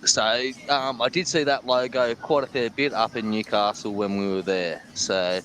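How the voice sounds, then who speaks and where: A man's voice: mid-range voice, fairly even intonation, moderate pace, a bit bright, a little hiss or hum, low-quality recording. An Australian man being interviewed about eating chilli, chatting casually and bluntly, joking and laughing as he talks. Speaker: guest, chilli-eating champion.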